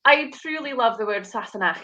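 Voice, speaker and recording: A woman co-hosting a casual chat, playful and quick to laugh. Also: on the high side, animated, sharp tone. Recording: dull lo-fi sound.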